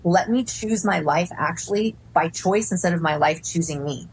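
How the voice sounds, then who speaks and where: A woman in her forties chatting casually as a podcast guest, an effusive and animated storyteller. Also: on the low side, moderate pace, gravelly, slight background noise, rough recording. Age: 40s. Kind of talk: casual spiritual chat.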